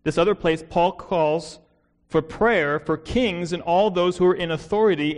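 An American pastor preaches an expository sermon in an earnest, measured way, posing rhetorical questions. His voice is high and a little mellow.

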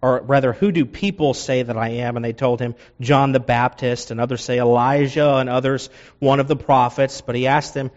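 Expressive male preacher, lo-fi sound. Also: normal speed. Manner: expressive, rising loud and high for emphasis, dropping low for asides. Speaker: pastor. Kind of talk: sermon. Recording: dull lo-fi sound.

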